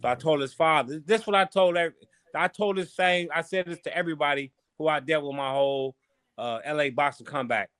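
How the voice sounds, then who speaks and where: A man from Chicago, a former boxer, guesting on a podcast and telling stories from his life in a loose, animated, slangy way with plenty of swearing. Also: on the high side, quick pace, clear, resonant tone, no echo, clean studio sound. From Chicago, USA. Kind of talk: casual storytelling interview.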